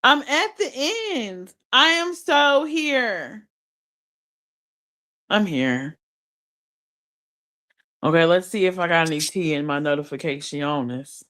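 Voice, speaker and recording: A woman with a lowish, fairly bright voice speaks slowly and animatedly, with long pauses. She's live-streaming on her phone from bed under the blankets, using slang in casual chat, reading comments aloud and laughing a lot.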